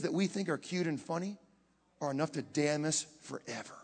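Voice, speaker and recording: A man with a high voice preaches with dramatic swings between hushed moments and loud outbursts. He keeps putting questions to the audience as he tells his story. His voice rings out with a long reverb, as in a large hall. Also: expressive, fairly quick, slightly rough. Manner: talks directly to the audience with questions. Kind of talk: sermon.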